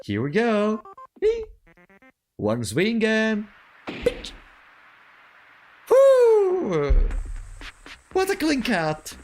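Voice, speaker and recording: A man's voice: high voice, huge pitch swings, drawn-out words, long pauses, heavily acted. A man voicing a sadistic game-show host in a taunting, theatrical, mock-cheerful way, with game music behind.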